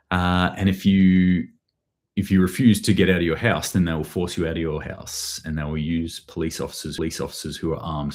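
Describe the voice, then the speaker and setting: Low-voiced sardonic Australian man. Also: darkish tone. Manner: sardonic, rambling, with dry sarcasm. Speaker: prepping channel host. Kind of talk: casual live news commentary.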